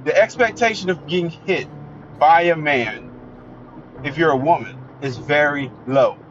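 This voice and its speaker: Blunt lecturing man, fairly high voice. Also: unhurried, a bit bright, slight background noise. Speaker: commentator. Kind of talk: opinionated solo monologue. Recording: dull lo-fi recording with faint music.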